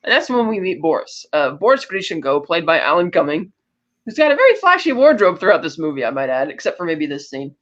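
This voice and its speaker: A woman's voice: lowish voice, sing-song, fast talker, a bit bright, highs cut off. Woman recapping a movie scene by scene. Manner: retells scenes, acting out characters' lines. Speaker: podcast co-host. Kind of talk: casual movie recap chat.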